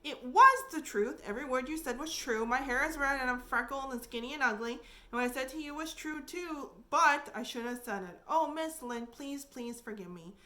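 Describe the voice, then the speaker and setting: A woman's voice: high voice, expressive, normal speed, hardly any pauses, pushed and bright. A woman voicing an eager, emotional orphan girl in a storybook reading, pleading earnestly.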